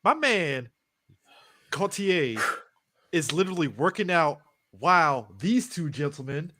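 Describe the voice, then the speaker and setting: Male podcast co-host, slightly high and very animated in pitch; relaxed comic recapper. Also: a little slow. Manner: laid-back, joking recaps with frequent laughter. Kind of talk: casual comedic movie chat.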